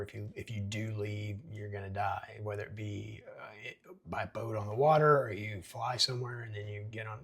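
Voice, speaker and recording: A man's voice: lowish voice, creaky, breathy edge. A man hosting a casual screenplay breakdown, talking in a chatty, rambling way. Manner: chatty, rambling with fillers and restarts. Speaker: screenwriting podcast host.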